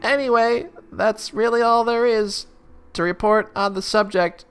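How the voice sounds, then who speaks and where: A man voicing a shy young male troll who speaks slowly and haltingly. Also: high voice, steady tone, fairly bright tone, clear, resonant tone, soft background music, voice pushed up. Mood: hesitant. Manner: hesitant, halting. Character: timid slow-spoken young male troll.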